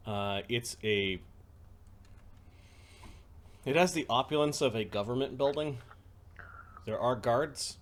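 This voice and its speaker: A man's voice: mid-range voice, slow, long pauses. A man narrating a tabletop game as game master, with many hesitant ums and uhs.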